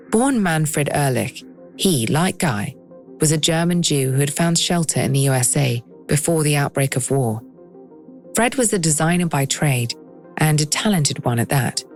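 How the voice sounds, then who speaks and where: A woman hosting and narrating a documentary podcast in a measured, lightly wry scripted style. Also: low voice, animated, soft background music.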